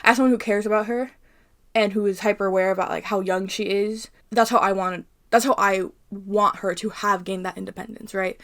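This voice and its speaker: A young woman from Arizona hosting a casual book commentary, ranting in an animated, heated way with plenty of swearing. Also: medium pitch, brisk.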